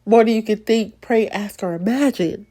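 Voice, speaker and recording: A woman's voice: mid-range voice, normal speed, dark tone. A young woman hosting a faith podcast, giving an emotional, encouraging devotional talk with preacher-like repetition. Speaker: podcast host.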